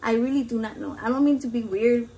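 A brash home cook vlogger chats casually from her home kitchen, swearing constantly and mixing in Spanish words. Her voice is a little high and quick-paced, with background noise.

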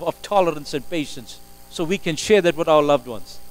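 A male pastor delivering a sermon in a church sanctuary, captured on a live stream. His voice sits a little high for a man, and he preaches emphatically, swinging from loud exclamations to quiet asides. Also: expressive, normal speed, low-quality recording. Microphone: live stream recording.

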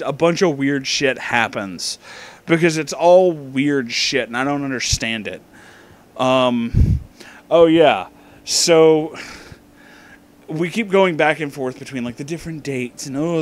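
A man's voice: on the high side, normal speed. Drunk man ranting about a movie. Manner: profane, ranting, escalating into loud outbursts. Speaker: host reviewing a movie. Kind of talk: comedic movie rant.

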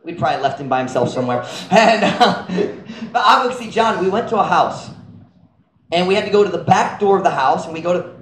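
A man preaching a sermon as pastor, telling a story with animated energy and slipping into Cebuano phrases. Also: high-pitched, a little fast. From United States. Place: church sanctuary. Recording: echoey church with faint hum.

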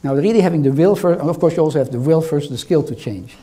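A man's voice: on the high side, quick pace, warm tone, breathy edge. An older man with a foreign accent giving a lecture in a hall, teasing and quizzing the audience as he goes. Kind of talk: interactive lecture.

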